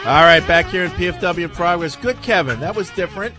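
A man's voice: sits high, quick pace, sharp tone, faint music behind. A man hosting a sports radio show, reading listener emails and teasing his co-hosts in casual banter.

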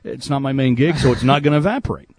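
A man's voice: medium pitch, fast, a little mellow, slightly rough. A man hosting a sports radio show, reading listener email aloud in casual banter and laughing often. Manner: laughs a lot, reads aloud with gusto.

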